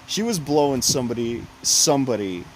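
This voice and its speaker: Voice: mid-range voice, big pitch swings, a little fast, a little hiss or hum, low-quality recording. A podcast co-host in casual chat who rambles, restarts often, and drops sarcastic asides.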